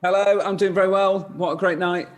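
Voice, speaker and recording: A man's voice: high voice, flat delivery, a little fast, big-room sound. A man chatting as a jovial guest. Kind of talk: casual chat.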